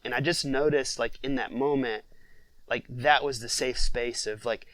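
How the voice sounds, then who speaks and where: A man, a father of six, telling a family story in a relaxed podcast interview, with lots of fillers. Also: medium pitch, moderate pace, no echo, poor audio. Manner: conversational, many fillers, reflective storytelling.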